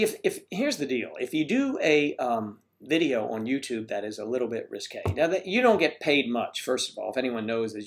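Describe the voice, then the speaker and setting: An older man hosting a casual livestream, joking and rambling as he reads viewer comments, often clearing his throat. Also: medium pitch. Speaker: host of a livestream. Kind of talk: casual live chat reading viewer comments.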